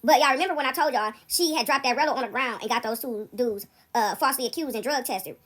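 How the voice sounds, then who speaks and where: Brief: woman vlogger, quick and animated, high-pitched, storytelling straight into a phone app. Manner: animated, keeps asking "right?". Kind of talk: casual storytelling to viewers. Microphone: phone recording app.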